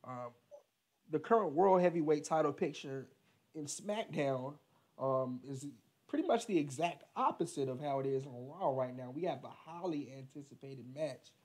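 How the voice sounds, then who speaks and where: A man's voice: on the high side, lively intonation, normal speed, a little mellow. A young man co-hosting a casual wrestling podcast, rambling with lots of fillers and laughing often. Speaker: podcast co-host.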